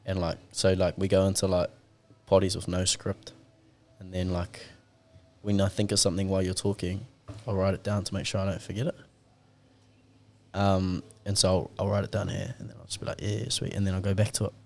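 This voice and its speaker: A young man with a lowish voice hosts a casual podcast. He talks loosely and swears a lot, telling stories and acting out both sides of each conversation. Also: little pitch movement, a little fast, gravelly. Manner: laid-back, swears a lot, tells stories with acted-out dialogue. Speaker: podcast host.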